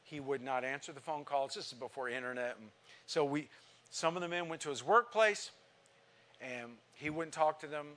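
A man's voice: on the high side, moderate pace, fairly bright tone. An older man, a pastor, telling an emotional story in a sermon, acting out the lines of the people in it. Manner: earnest, emotional storytelling with quoted dialogue.

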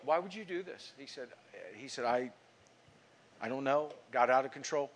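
A middle-aged male pastor preaching a sermon, telling a story and acting out the people in it, swinging from emphatic lines to hushed ones. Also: mid-range voice, moderate pace, a little hiss or hum. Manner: storytelling, acting out quoted speech; emphatic preaching with sudden drops to quiet.

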